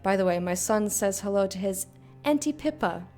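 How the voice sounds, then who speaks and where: A woman's voice: mid-range voice, lively intonation, normal speed, dark tone, soft background music, natural voice. A woman reading a letter aloud in a put-on British accent as a blunt, chatty young working-class woman writing to her sister. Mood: gossipy.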